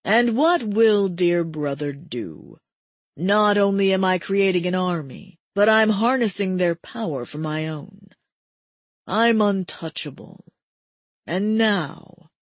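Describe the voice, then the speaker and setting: A woman voicing a cruel, mocking male immortal villain with a breathy tone, speaking low and drawn-out. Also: expressive, no echo. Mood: smug.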